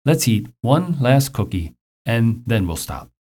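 A man's voice: mid-range voice, very animated, measured pace, mellow. A man reading as a cookie-loving storybook toad. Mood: wheedling. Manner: wheedling, then sad. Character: greedy, gloomy male toad, storybook.

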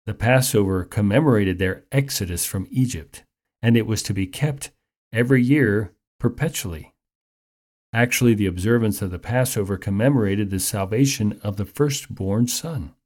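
Low-voiced man preaching a sermon. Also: darkish tone. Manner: measured, explanatory teaching.

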